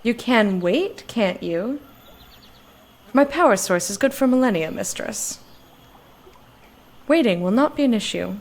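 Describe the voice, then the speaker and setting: A woman reading as a deadpan sarcastic robot. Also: fairly high pitch, unhurried, pauses often. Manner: deadpan, formal. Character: dry, sarcastic servant robot.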